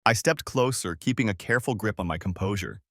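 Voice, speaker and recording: A man's voice: lowish voice, brisk, a bit bright, dry recording, studio quality. Man reading a cold, bitter story. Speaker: story narrator. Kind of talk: first-person story reading.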